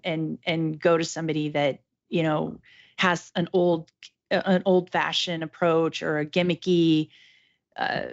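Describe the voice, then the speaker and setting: A woman patient talking casually about her surgery, chatty and effusive, often restarting her sentences. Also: low-pitched. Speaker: patient guest. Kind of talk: casual podcast conversation. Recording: dull lo-fi audio.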